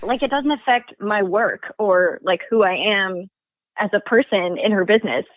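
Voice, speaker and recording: A woman's voice: medium pitch, dry recording. Nervous young woman caller on a phone line. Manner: relieved, nervous, quick agreeing. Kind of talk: phone call.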